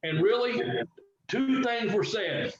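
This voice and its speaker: A middle-aged former wrestler telling a story in a casual interview, animated and swearing freely as he acts out what others said. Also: high-pitched, takes it slowly, a crowd in the background. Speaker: guest, former pro wrestler. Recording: echoey, dull, slightly noisy audio.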